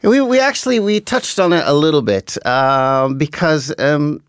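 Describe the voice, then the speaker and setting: A man's voice: fairly high pitch, lively intonation, normal speed, clear, resonant tone, dry recording, clean studio sound. A man interviewing a guest, asking curious, leading questions in a casual way.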